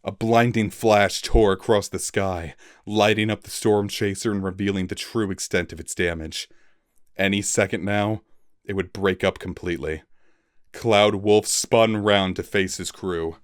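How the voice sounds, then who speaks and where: A man reading a fantasy novel aloud in a dramatic storybook style with pauses for effect. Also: fairly low pitch, steady tone, no room sound, studio quality. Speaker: reader.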